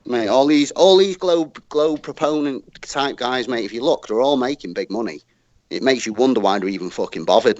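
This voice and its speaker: A man's voice: mid-range voice, a little mellow, no room sound. A man with a Northern English accent, talking bluntly in heated casual chat, swearing and saying "mate" constantly. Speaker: guest debater. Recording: dull lo-fi dry audio.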